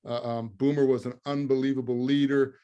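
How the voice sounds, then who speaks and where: A man in his fifties spins lively stories as an interview guest, chuckling through the punchlines and filling pauses with plenty of ums and uhs. His voice sits at an ordinary middle pitch for a man. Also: highs cut off, a little hiss or hum. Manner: lively storyteller, laughs through punchlines, many fillers. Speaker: guest, former pro football lineman. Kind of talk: storytelling interview.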